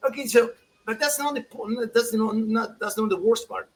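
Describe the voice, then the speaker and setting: A man, chatting casually as a soccer pundit, animated and laughing as he acts out quotes. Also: very high voice, normal speed, rough recording. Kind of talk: casual podcast chat.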